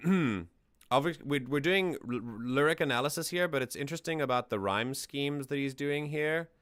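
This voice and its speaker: A man's voice: fairly high pitch, normal speed, fairly bright tone, clean tone, dry recording, studio quality. A man hosting a stream, casually analysing song lyrics and thinking aloud with restarts. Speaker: stream host.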